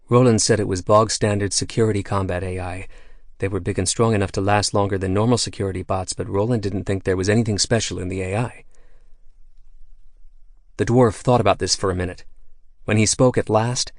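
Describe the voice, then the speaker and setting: In a dry, clean studio recording, a man with a fairly low voice narrates an audiobook at a normal pace. His scripted storytelling stays steady and even.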